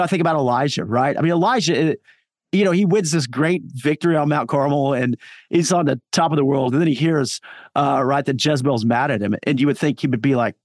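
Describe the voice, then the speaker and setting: A man's voice: on the high side, no echo. Pastor guy on a podcast, earnest and encouraging, lots of uhs, dry close mic. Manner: earnest, encouraging, sermon-like with many fillers. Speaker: pastor and author guest. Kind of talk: podcast interview.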